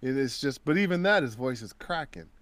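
A man who works as a voice actor, talking casually as a guest. He is an animated storyteller who acts out the voices of the people he quotes. His voice sounds mid-pitched and dry, with no room echo. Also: brisk. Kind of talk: casual interview chat.

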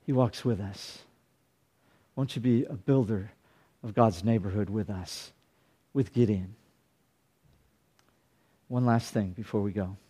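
A man's voice: lowish voice, takes it slowly, long pauses, mellow, slightly rough. A man preaching a sermon as a pastor, earnest and fond of repeating his phrases.

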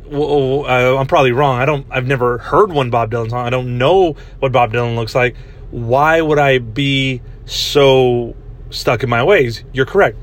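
A man's voice: medium pitch, steady tone, moderate pace. A young man telling a rambling story in a casual podcast chat, laughing often and saying "dude" a lot. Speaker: podcast host.

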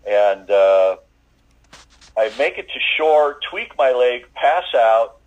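A man giving a personal faith testimony as an interviewee, talking in a halting way with many fillers and restarts. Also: medium pitch, animated, highs cut off.

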